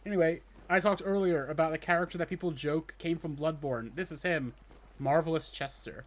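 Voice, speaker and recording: A man's voice: fairly high pitch, a little fast. Chatty guy commentating his gameplay. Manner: chatty, self-deprecating, casual swearing. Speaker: streamer playing a game. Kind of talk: casual let's play commentary.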